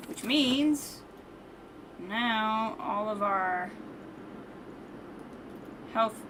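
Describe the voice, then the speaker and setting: Speaking very slowly in a high-pitched voice, a woman streams a game and talks through her thoughts in a chatty, self-correcting let's-play style. The mic sits far away and background noise comes through.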